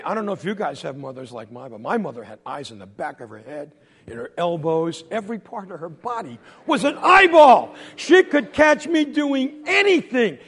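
A man telling a comic story from his childhood, animated, swinging from loud bursts to hushed asides. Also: high voice, husky, long reverb tail. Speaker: comedian.

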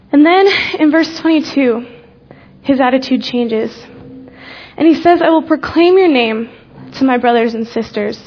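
Earnest young woman, high voice. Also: highs cut off. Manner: earnest, slow deliberate pauses, dropping soft on key words. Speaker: youth speaker giving a testimony. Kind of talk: personal faith testimony, devotional talk.

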